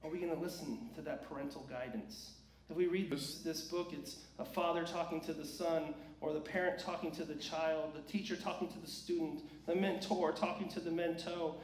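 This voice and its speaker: A male preacher with a fairly high voice delivers an earnest sermon, pressing his point with rhetorical questions. He sounds set back from the mic in a reverberant church sanctuary. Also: steady tone, moderate pace. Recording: echoey church hall, distant mic.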